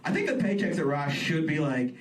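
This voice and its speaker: A young man working a stand-up crowd with self-deprecating jokes and a lively, bouncing delivery in a somewhat high voice. He sounds distant in an echoey room, with loud audience laughter rolling behind him. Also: brisk, noisy background. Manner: self-deprecating, animated, slips into quoted voices. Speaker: stand-up comedian. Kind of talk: stand-up comedy set. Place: stage in a comedy venue.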